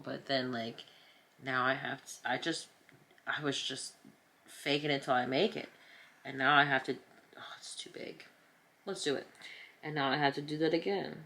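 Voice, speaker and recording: A woman's voice: low voice, fairly bright tone. A woman in her thirties from New Jersey, chatting casually to her viewers as she paints, rambling, self-mocking and playfully dramatic. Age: 30s. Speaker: vlogger. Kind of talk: casual chat while painting. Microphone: camera mic.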